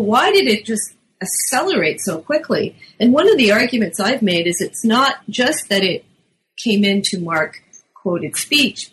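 A middle-aged woman, a linguist, answering interview questions about her book in a lively explanatory way, sometimes acting out quotes. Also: medium pitch, poor audio. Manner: lively, acts out teen quotes. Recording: faint background noise.

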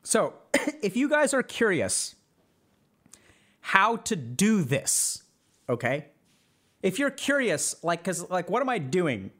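A man's voice: high voice, big pitch swings, slow, pauses often, a bit bright. A man hosting a podcast, giving casual advice to a live chat, acting out imagined inner voices and often asking "right?". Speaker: podcast host, psychiatrist.

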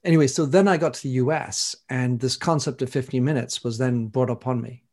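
A middle-aged man speaks with a French accent as a podcast guest, reflective and measured. His voice sits at an ordinary pitch for a man. He pauses to restart phrases now and then as he thinks aloud. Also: fairly even intonation, darkish tone. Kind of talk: conversational interview answers.

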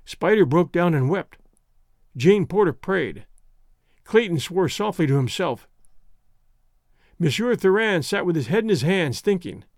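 A man narrating an adventure story in a measured, dramatic reading. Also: high-pitched, animated, no room sound, studio quality. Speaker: audiobook narrator. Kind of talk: scripted narration.

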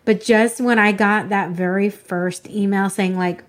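A woman's voice: mid-range voice, fairly even intonation, unhurried. A woman hosting a podcast interview, chatting casually and gushing emotionally about her own wins. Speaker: podcast host.

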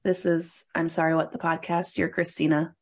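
A young woman co-hosting a podcast, her voice sitting a little low for a woman. She chats casually, laughs a lot, and her pitch leaps up whenever she gets excited. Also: moderate pace. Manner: laughs often, animated pitch jumps. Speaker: podcast co-host. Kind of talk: casual chat.

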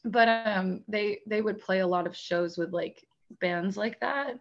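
A woman in casual chat, talking in a relaxed, rambling way with lots of fillers and frequent laughs. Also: medium pitch, measured pace, muffled recording. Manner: chatty, many "like" fillers, laughs often.

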